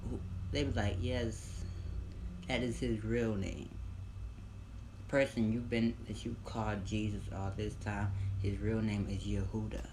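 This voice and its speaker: A man telling a casual storytime, rambling and repeating himself, with loud bursts of excited disbelief. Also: fairly low pitch, a little slow, a little hiss or hum.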